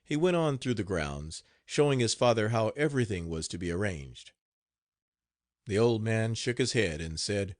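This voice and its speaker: A man reading an audiobook aloud in an expressive, animated way. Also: lowish voice, moderate pace, no echo, studio quality. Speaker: audiobook narrator. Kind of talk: scripted audiobook narration.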